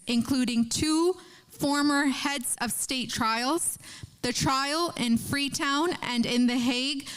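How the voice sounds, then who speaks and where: Woman moderator with a smooth voice. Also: on the high side, poor audio. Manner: formal, steady reading with small slips. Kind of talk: reading a speaker introduction.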